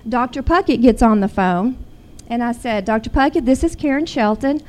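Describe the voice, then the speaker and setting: A woman's voice: fairly high pitch, lively intonation, normal speed, darkish tone. A middle-aged woman, earnestly telling a personal story. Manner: earnest, growing intense when retelling. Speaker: guest sharing a personal story.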